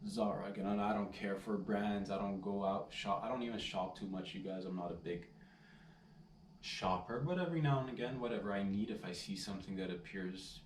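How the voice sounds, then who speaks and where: In a casual storytelling vlog, a man rambles in a laid-back way, constantly saying "dude" and "man." His voice is on the low side and brisk. The audio carries a little hiss or hum, with a roomy sound, a distant mic and faint ambience.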